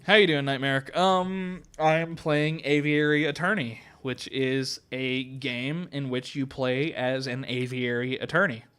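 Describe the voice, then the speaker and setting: A man's voice: mid-range voice, steady tone, unhurried, hardly any pauses, fairly bright tone, smooth. Laughing, self-mocking male streamer. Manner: self-mocking, laughs often, swears casually. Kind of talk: casual live game stream with read-aloud dialogue.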